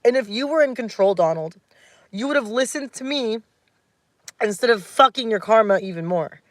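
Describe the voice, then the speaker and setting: On a dry recording, a woman in her thirties speaks at normal speed in a highish, expressive voice. Livestreaming from home at night, she rants bluntly and heatedly, swears a lot, and coos baby talk at her dog.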